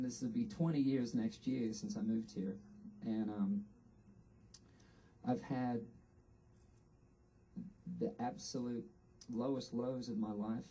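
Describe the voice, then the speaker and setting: Mellow Australian man, earnest speech. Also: medium pitch, recorded from a distance, slight background noise, poor audio. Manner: earnest, unhurried, with frequent pauses. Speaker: award inductee. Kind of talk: acceptance speech. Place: outdoor ceremony.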